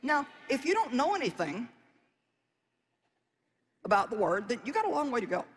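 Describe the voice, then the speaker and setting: A man's voice: very high-pitched, very animated, moderate pace, in a large hall. A man preaching a sermon in a folksy, conversational way, with emphatic exhortations.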